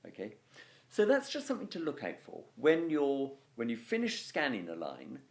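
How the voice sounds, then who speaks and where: A man gives a casual video lesson on Latin verse. His voice rides up and down with animated, lively intonation. He keeps it conversational, peppered with "okay" and "you know". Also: mid-range voice, normal speed, vocal fry. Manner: chatty explaining with frequent "okay" and "you know". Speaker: Latin teacher.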